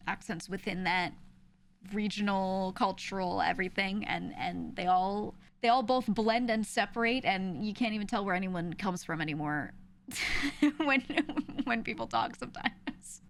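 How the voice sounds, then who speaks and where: A woman's voice: mid-range voice, creaky, fairly bright tone, slight background noise. A young woman with a New York area accent chatting casually with her stream, laughing often and restarting her sentences.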